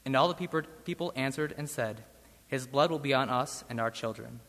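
A man reading a Bible passage aloud in church with a measured, solemn delivery. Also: medium pitch, a bit bright. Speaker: scripture reader. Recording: long church reverb.

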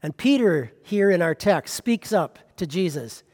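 A man's voice: high-pitched, animated, unhurried, a little mellow, big-room sound. A man preaching a sermon as pastor, pressing with rhetorical questions.

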